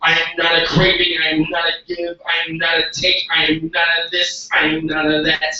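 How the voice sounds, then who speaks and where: A bright-voiced man hosts a live open mic and recites spoken word poetry. He gets hyped and loud between pieces. He sounds far from the mic in a very echoey room, and the recording is muffled. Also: fairly high pitch, monotone, fairly quick. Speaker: open mic host and poet.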